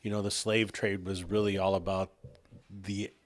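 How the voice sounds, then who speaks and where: A man's voice: deep voice, flat delivery, normal speed, dry recording, clean studio sound. A man co-hosting a casual podcast, telling a long rambling story and laughing at his own punchlines. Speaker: podcast co-host.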